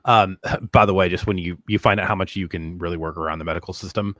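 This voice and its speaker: Low-voiced rambling man, dry sound. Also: fairly even intonation, quick pace, fairly bright tone, no echo. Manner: rambling storyteller, many fillers. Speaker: podcast co-host. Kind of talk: casual chat.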